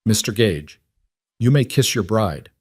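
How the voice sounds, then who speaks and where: A man voicing a frontier reverend who recites wedding vows in a formal, measured way. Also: on the low side, animated, husky, no echo, clean studio sound. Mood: solemn. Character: solemn male frontier reverend officiating.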